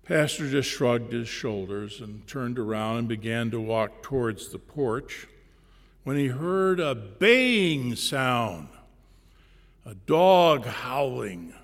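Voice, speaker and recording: A male pastor tells a parable from the pulpit, slow and deliberate, with pauses between phrases. His voice is gravelly in the lows. A long reverb from a large church hall follows him. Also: animated. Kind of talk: sermon storytelling.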